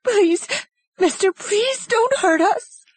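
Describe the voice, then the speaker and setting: A male narrator voicing a terrified young mother who first soothes her child sleepily and then begs for their lives in a soft, high, breathy falsetto. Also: slow, no echo, full character voice. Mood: pleading, desperate.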